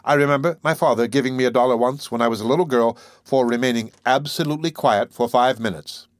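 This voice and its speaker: Male reader doing a refined young woman writer, gentle and poised, dry audiobook sound. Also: mid-range voice, fast, dry recording, lightly acted. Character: refined young woman poet, composed and gracious.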